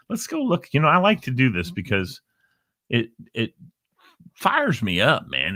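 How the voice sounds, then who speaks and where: Low-voiced man hosting a live stream, upbeat and rambling, dry close sound. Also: fairly bright tone, no room sound. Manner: upbeat and rambling, with fillers and restarts. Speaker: host. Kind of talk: casual live-stream chat.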